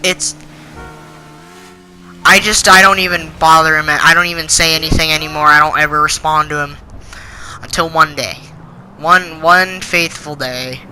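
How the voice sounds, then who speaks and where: A man's voice: on the high side, steady tone, normal speed, pauses often, bright, forceful tone, slight background noise, rough recording. A teenage boy telling a school story in an indignant, rambling way, full of fillers. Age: teens. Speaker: channel host. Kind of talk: storytime rant.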